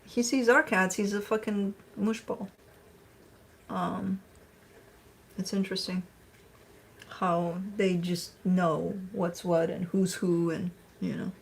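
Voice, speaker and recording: A woman chatting casually on a live stream, playful and talkative, with a husky voice. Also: lowish voice, fairly even intonation, takes it slowly, long pauses. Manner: chatty, playful, talks to her dog in baby talk. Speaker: tarot reader.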